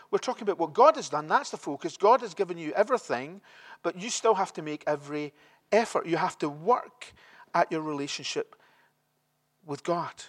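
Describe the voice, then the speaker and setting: A man's voice: a little high, fairly bright tone, recorded from a distance. A man preaching a sermon as the pastor, conversational and repeating key phrases for emphasis.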